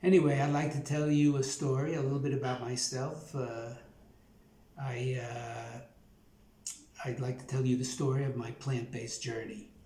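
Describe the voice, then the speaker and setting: A man's voice: mid-range voice, level tone, normal speed, dark tone. A man in his seventies with a Brooklyn accent, telling his life story in a rambling, folksy way, full of fillers. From Brooklyn, New York. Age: 70s. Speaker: YouTube host. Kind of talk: personal storytelling. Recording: roomy echo.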